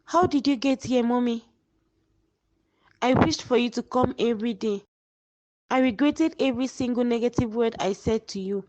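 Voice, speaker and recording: Woman doing a weak young woman fading out, cartoon drama, highish voice, dry close mic. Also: darkish tone, no echo, muffled recording, close to an everyday voice. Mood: weak tender. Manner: faint, slow farewells.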